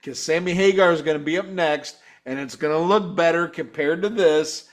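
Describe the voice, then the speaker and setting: A man with a high-pitched speaking voice hosts a live talk show and reviews a concert in a profane rant. He sounds exasperated and swears in nearly every line, and he breaks into loud mocking imitations of singers and guitars. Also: normal speed. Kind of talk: profane ranting commentary.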